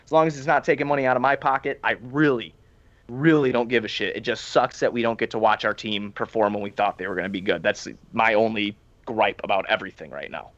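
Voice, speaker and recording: Fast-talking profane man, muffled audio. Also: fairly low pitch, fairly even intonation, a bit bright, no room sound. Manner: profane, emphatic, laughs often. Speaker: podcast co-host. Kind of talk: casual sports chat.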